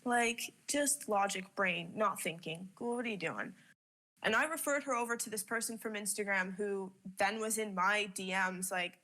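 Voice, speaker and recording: Sharing advice about running her business, a young woman from Canada keeps things loose and candid, cursing openly and laughing often. She speaks at normal speed in a bright, forceful, mid-range voice.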